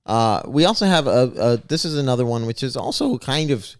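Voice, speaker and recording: A man's voice: medium pitch, sing-song, brisk, clear, resonant tone. A man co-hosting a comedy podcast, teasing and joking in casual chat. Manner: playful, teasing, breaks into laughs. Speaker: co-host.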